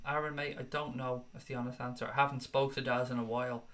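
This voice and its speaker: A man's voice: medium pitch, flat delivery, quick pace, fairly bright tone. A man hosting a football fan livestream, chatting casually and swearing freely as he answers viewers. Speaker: football fan channel host. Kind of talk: livestream chat, reading viewer comments.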